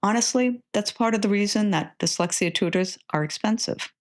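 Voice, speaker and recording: A woman hosting a podcast, slowly and deliberately modeling letter sounds as she teaches reading. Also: mid-range voice. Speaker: podcast host and literacy tutor. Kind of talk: scripted podcast lesson.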